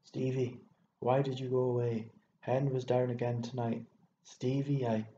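Man doing a hollow mannish country woman, rough, passionate, jealous, gravelly, storybook reading. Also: medium pitch, fairly even intonation, unhurried, a little mellow, a little hiss or hum, natural voice. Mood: pleading. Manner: rough, pleading and fierce. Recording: echoey room, dull lo-fi sound.

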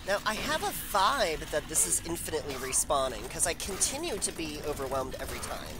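A woman's voice: deep voice, very animated, fairly quick, few pauses, noisy background. A woman giving casual let's-play commentary, joking and swearing as she talks to herself while playing. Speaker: gameplay commentator.

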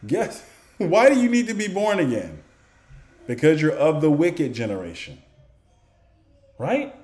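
Animated man preaching in an echoey room. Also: on the high side, measured pace. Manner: asks rhetorical questions and answers them; conversational, with chuckles and restarts. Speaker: bible teacher. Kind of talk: informal preaching to camera.

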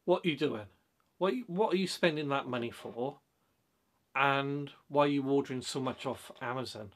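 A man talking straight to camera in a casual vlog, blunt and a little rambling. He stumbles through restarts and fillers as he goes, at a middle pitch for a man. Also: moderate pace. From Britain. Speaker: vlogger. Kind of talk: casual advice monologue.

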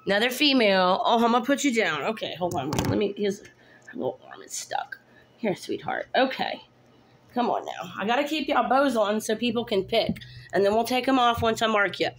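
Her voice is a little high and very animated, moving at a moderate pace as she coos at her kittens in baby talk. The cat breeder shows them one by one in a relaxed, phone-filmed showcase vlog, and there's a slight hiss or hum.

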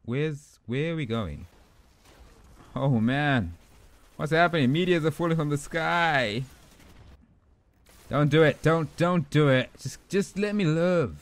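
A young man giving rambling, excitable commentary over his own gameplay, trash-talking opponents and himself. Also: fairly high pitch, slow, long pauses. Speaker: gaming YouTuber.

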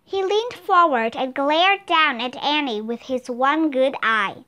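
A woman narrates a children's story with animated expression. Her voice sits high and moves a great deal in pitch. The delivery is clear storytelling. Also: slow. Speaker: reader. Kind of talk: audiobook narration.

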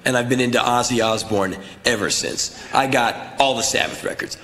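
A man performing live spoken word, telling stories in an intense, animated, profane way. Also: mid-range voice, normal speed. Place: stage in a large venue. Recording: echoey live venue with crowd noise.

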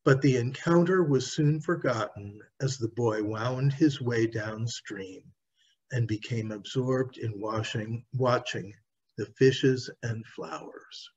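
A man's voice: medium pitch, slow pace, a little mellow, breathy edge. A man reading his own children's story aloud in a careful storybook narration. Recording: dull lo-fi recording.

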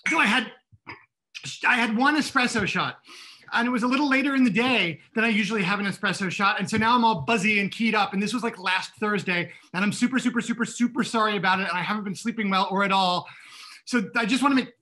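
A man's voice: high-pitched, quick pace, bright, forceful tone. Jittery, rambling man in comic debate. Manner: rambling, jittery, repeats words. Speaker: faculty debater. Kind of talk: comedic debate speech.

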